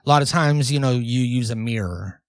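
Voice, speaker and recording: A male podcast co-host speaks in a mid-pitched voice with a deadpan, mock-serious manner. He pads his talk with ums and likes. The close mic sounds completely dry. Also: brisk, no room sound. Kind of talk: casual comedic podcast chat.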